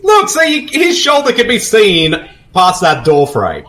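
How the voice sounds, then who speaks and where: A man's voice: sits high, huge pitch swings, a bit bright. A man co-hosting a casual movie-riffing podcast, joking and laughing often. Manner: laughing, quick jokey asides.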